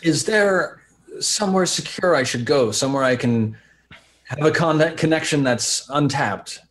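A man voicing his polite, earnest starship character, speaking formally with halting restarts. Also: fairly high pitch, a bit bright.

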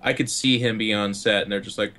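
A young man chatting casually on a podcast, telling stories in an animated, joking way. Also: fairly low pitch, a little fast. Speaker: player and co-host. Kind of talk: casual chat.

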